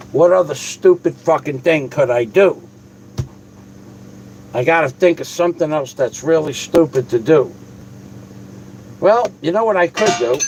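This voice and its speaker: Man, video host, rambling rant, profane, fairly high voice, faint background noise. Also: rough recording. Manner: profane, rambling, talks to viewers directly. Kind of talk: rambling ranting vlog.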